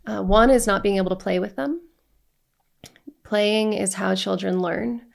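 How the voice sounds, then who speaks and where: A woman with a gravelly, medium-pitched voice speaks at a measured pace in a steady tone. She's a divorce coach addressing the camera earnestly, frequently checking in with "right?" and reeling off long strings of emotions.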